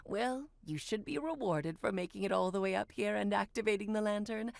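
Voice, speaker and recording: A woman's voice: medium pitch, fairly quick, vocal fry, dry recording, natural voice. A woman voicing a playful, grand witch and mother in a dubbed video game. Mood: amused.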